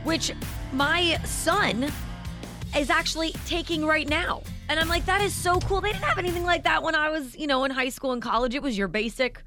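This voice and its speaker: A woman's voice: high-pitched, over music. A woman co-hosting a morning radio show, teasing her partner in casual banter. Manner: teasing, quick with jokes.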